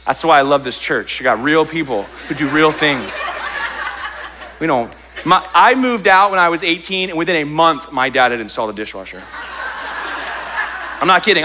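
A man's voice: fairly high pitch, animated, normal speed. A man preaching a sermon, telling a funny story about himself and acting out his complaints before he turns to scripture. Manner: humorous storytelling, acts out his own complaints. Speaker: pastor.

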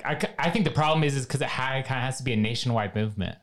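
A man's voice: medium pitch, rapid-fire. A man from Utah who co-hosts a podcast, bringing up the topics in a casual, somewhat hesitant way. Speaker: podcast co-host.

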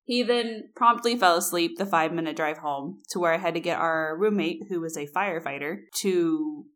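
Animated young woman telling a story. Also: on the low side, normal speed. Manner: animated, acts out quotes. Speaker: podcast co-host. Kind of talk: casual storytelling.

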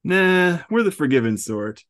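A man's voice: on the high side, sing-song, unhurried, fairly bright tone, pitched above the performer's own voice. A man voicing a smug, cruel male henchman who taunts his captive in a sneering, mock-friendly way.

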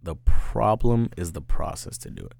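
A man's voice: low voice, moderate pace, creaky, dry recording. A man, a podcast guest, telling a story in casual chat and saying "bro" and "right?" again and again. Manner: animated, peppers speech with "bro" and "right?".

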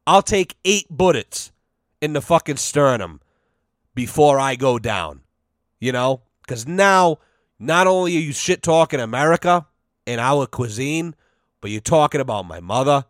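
Profane ranting podcast host, dry sound. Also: male voice, mid-range voice, expressive, measured pace, no echo. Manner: profane, heated, mock-outraged rant. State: sweating from heat. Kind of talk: casual solo podcast rant.

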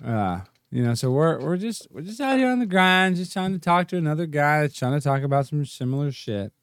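A man hosting a livestream, rambling and joking, sometimes jumping into goofy high-pitched bits. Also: animated, brisk, clean tone, no room sound, clean studio sound. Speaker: livestream host. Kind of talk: casual livestream rant.

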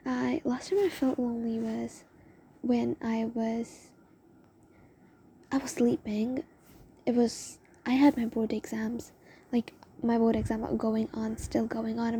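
A woman's voice: a little high, level tone, slow, warm tone, a little hiss or hum. A young woman telling a rambling, emotional story in a confessional vlog, often dropping into a whisper. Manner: rambling, emotional, lots of "oh my God". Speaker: vlogger.

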